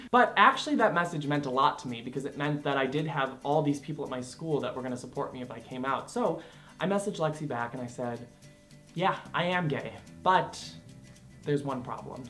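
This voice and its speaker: A young man telling a personal story to camera, animated and expressive, acting out quotes with laughter along the way. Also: fairly high pitch. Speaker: vlogger.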